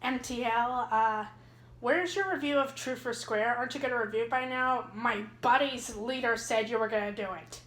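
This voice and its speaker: A woman's voice: on the high side, normal speed, a bit bright, close to an everyday voice. A woman voicing a nagging female friend who pushes for a review.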